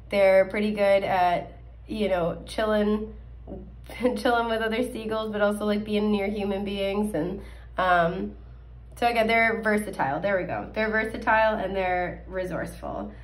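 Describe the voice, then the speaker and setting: A young woman chats her way through a casual tarot reading, speaking at a middling pitch. Her voice is scratchy, and she fills her talk with ums and little laughs. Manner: chatty, many fillers and little laughs. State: scratchy voice, coughing. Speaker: tarot card reader. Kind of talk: casual pick-a-card reading.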